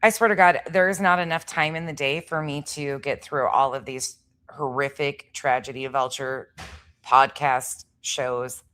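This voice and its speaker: A woman with a low voice hosts a casual reaction stream. She speaks bluntly and swears freely, addressing her viewers directly. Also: fairly even intonation, unhurried, a bit bright. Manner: blunt and profane, talks straight to the chat. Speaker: streamer reacting to podcast clips.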